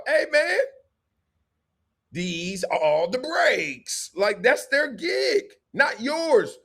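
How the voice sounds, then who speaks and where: Animated man hosting sports talk. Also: very high voice, slow, slightly rough. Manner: animated, acts out quotes in voices. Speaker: show host.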